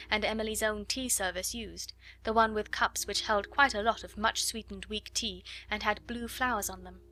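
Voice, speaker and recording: Bright-voiced woman reading a storybook. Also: mid-range voice. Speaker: audiobook narrator. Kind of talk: scripted narration.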